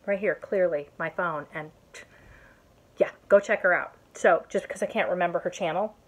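A chatty woman from Indiana shows off her craft haul, laughing at herself and getting excited. She is tired from an early start. Her voice sits a little low. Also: moderate pace, husky. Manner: chatty, giggly, self-mocking, excitable. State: tired, up since early morning. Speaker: YouTube vlogger showing a haul. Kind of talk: casual haul vlog chat.

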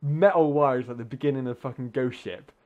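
A man hosting a gaming channel, telling a story in a casual, sweary, rambling way, full of filler words and quick acted-out voices. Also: medium pitch, phone-quality sound. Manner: animated, acts out voices in the story. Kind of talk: casual storytelling over gameplay.

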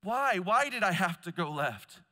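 A man preaching at a conference, telling stories with loud emphatic bursts and quiet low asides. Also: sing-song, a little slow. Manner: storytelling, swings between loud emphasis and hushed low asides. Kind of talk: conference sermon. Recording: long hall reverb.

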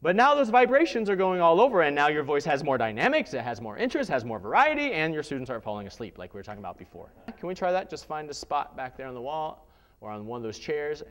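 A man's voice: medium pitch, a bit bright, big-room sound. A man, a theatre instructor, leading a live voice workshop, coaching listeners through exercises. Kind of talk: live workshop lecture with vocal demonstrations.

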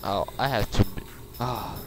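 A man's voice: fairly low pitch, a little slow. A man commentating his own gameplay, frustrated and swearing at the boss he is fighting. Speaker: gamer. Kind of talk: let's play commentary. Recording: faint game music behind.

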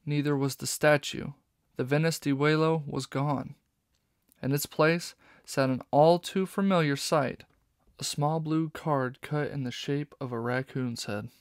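A man narrating a children's novel audiobook in steady storytelling. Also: medium pitch, dry recording, clean studio sound.

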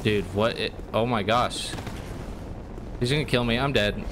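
Young male gamer, excitable commentary with lots of exclamations; slow-talking, noisy USB mic. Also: medium pitch. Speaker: let's play gamer. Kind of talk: live gameplay commentary. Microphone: USB desktop microphone.

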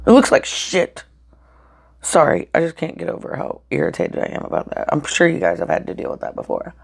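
A woman talks to her viewers between bites in a casual eating-show chat. Her voice has a gravelly, creaky edge, and she is blunt, swears, then says sorry for it. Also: low-pitched, sing-song, fast. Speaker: mukbang vlogger.

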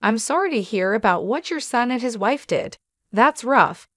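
A woman voicing a rugged, confident male private investigator with a measured, quietly menacing manner, in an audio story. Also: on the high side, expressive, no room sound, clean studio sound.

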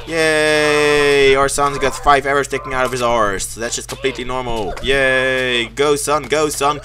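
A man's voice: medium pitch, fairly even intonation, measured pace, few pauses, noisy background. A young man, not a native English speaker, doing sarcastic let's play commentary, cursing and yelping at the game. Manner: sarcastic, swears a lot, yelps and shouts at the game. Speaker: gaming commentator.

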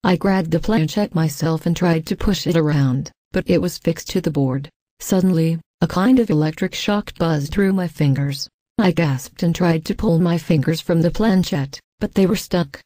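A woman with a fairly low, dark, mellow voice reads a scripted first-person ghost story at a measured, even pace, voicing the quoted lines herself. The recording is close and dry, with no room sound.

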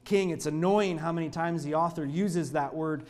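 A male pastor preaching a sermon in a church, telling the story in an earnest, expressive way. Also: fairly high pitch, moderate pace.

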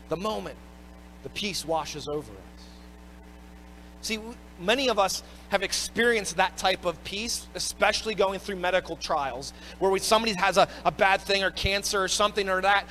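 A man's voice: sits high, fairly bright tone, a little hiss or hum, poor audio. A man preaching a sermon as pastor, emphatic and repeating his words as he drives home each point.

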